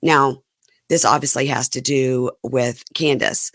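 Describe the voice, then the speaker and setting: Hoarse, gravelly woman in her fifties. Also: very deep voice, unhurried, no echo, clean studio sound. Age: 50s. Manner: chatty and candid, animated asides. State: hoarse, voice going out from illness. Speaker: podcast host. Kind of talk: casual reality TV recap chat.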